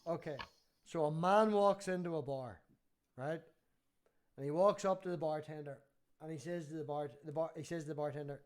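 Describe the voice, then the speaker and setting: A man's voice: a little high, normal speed. A man hosting a casual stream chat, telling a long bar joke and swearing freely. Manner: swears freely, animated storytelling. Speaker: stream host.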